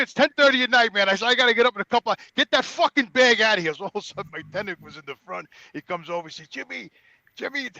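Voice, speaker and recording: An older man tells a profane, animated story while pacing around. His voice sits high and bright. The sound is dry and close. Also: no room sound, muffled recording. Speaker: podcast regular calling in. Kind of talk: casual ranting storytelling.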